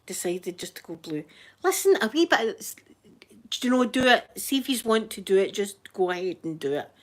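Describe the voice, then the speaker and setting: A woman with a broad, thick Scottish accent rambles cheerfully to her livestream viewers. She talks in a mid-pitched voice, greets people by name and laughs often. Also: sing-song, a little fast. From Scotland. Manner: chatty, laughs often, reads out viewer names. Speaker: livestreaming YouTuber. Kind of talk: casual live chat.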